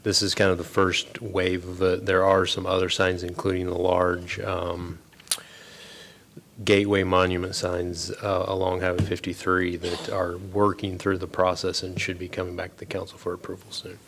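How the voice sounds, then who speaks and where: Deep, flat-voiced man at a council meeting. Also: normal speed, slight background noise. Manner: informal, explanatory, with fillers. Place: council chamber.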